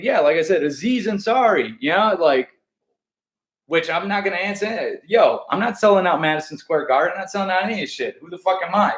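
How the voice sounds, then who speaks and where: A man's voice: sits high, animated, a little fast, reverberant. A man from the United States, a stand-up comedian, talking in a casual, profane, rambling way with lots of restarts. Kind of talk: casual backstage interview chat.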